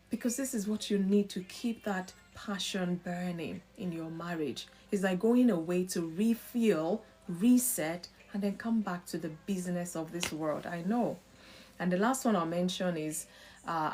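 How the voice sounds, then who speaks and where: Female host, lively, preachy and chatty, slips into family voices. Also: on the low side, husky. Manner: animated, acts out quoted family voices. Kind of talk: live-stream marriage talk.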